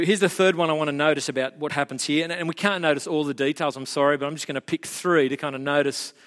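A man preaching a sermon as a pastor, telling the story in an animated way and building to emphatic peaks. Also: a little high, big-room sound.

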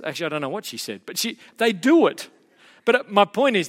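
A man preaches a sermon in a slightly high voice, turning lively and emphatic as he tells the story. His voice carries a long reverb, like a church hall. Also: quick pace. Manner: animated storytelling, rising to emphatic peaks. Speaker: pastor.

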